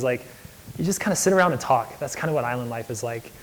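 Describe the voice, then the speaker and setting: A young man gives a guest lecture in a loose, storytelling way, talking enthusiastically and peppering his sentences with casual fillers. His voice sits a bit higher than most men's. The tone is that of a relaxed entrepreneur speaking to a room of students. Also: fast talker, rough recording. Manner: enthusiastic, chatty, many "like" fillers. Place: lecture hall.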